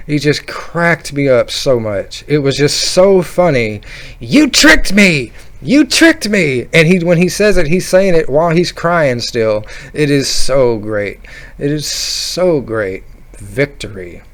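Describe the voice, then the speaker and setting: A man telling a funny roller coaster story in a casual, rambling, animated way. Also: mid-range voice. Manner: rambling, animated, laughing at his own story. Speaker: vlogger.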